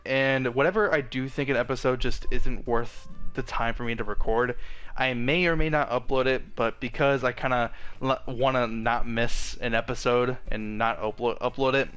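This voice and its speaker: Smooth-voiced young man rambling casually. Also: mid-range voice, fairly bright tone. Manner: rambling, frequent restarts and fillers. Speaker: channel host. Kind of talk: casual vlog update.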